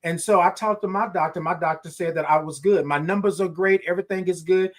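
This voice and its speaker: A middle-aged man hosting a live morning show, talking in an animated, preacher-like way, repeating phrases and reading viewer comments. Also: high voice, fast talker. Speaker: host.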